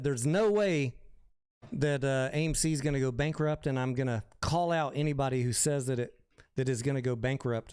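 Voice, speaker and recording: A male host of a late-night live stream, talking casually and bluntly, with swearing along the way. His voice is smooth and clear, pitched mid-range. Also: darkish tone. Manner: blunt, profane, defensive.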